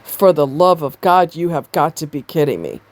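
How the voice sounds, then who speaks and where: A woman's voice: sits low, very animated, normal speed. Exasperated woman ranting, blunt and profane. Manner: blunt, exasperated, swears freely. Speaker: commentator reacting to a video. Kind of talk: ranting commentary.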